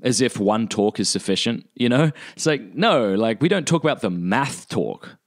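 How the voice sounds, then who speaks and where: A man giving parenting advice in a casual, animated talk to listeners. His pitch often jumps up when he quotes what he said. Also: moderate pace.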